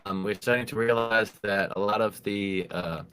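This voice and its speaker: A man speaking as a guest on an online panel over a video call, hesitant and full of filler pauses. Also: lowish voice, steady tone, a bit bright, a little hiss or hum. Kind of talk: casual discussion.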